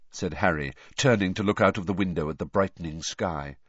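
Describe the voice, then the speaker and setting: A man narrating an audiobook with expressive storytelling, on a dull lo-fi recording. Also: low-pitched, brisk, few pauses, husky, no room sound. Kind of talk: audiobook reading.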